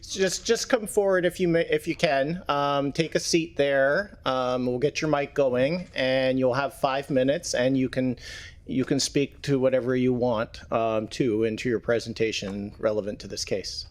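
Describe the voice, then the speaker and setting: A man's voice: medium pitch, fairly even intonation, a little slow. A man chairing a council meeting, giving procedural directions with fillers. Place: council chamber.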